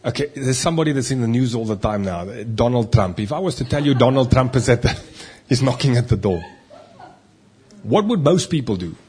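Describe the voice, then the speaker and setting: A man preaching a sermon, emphatic, swinging between loud stressed lines and quiet asides. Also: medium pitch, lively intonation, a little fast. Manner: emphatic, rising and dropping loudness for stress.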